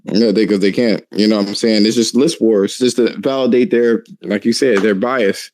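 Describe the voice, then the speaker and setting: A man co-hosting a podcast, chatting casually with profane, animated storytelling and frequent laughter. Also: on the low side, normal speed, slight background noise. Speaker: podcast co-host. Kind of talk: casual chat.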